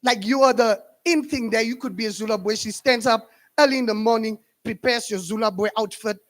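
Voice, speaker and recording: Give me an animated young Namibian man performing stand-up comedy, fairly high voice. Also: fairly quick. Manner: animated, laughing at his own jokes.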